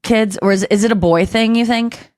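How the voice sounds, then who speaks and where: A woman's voice: fairly high pitch, normal speed, no room sound, clean studio sound. A woman hosting a podcast, chatting casually and telling stories with gushing enthusiasm. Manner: animated, gushing storyteller. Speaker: podcast host. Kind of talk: casual chat.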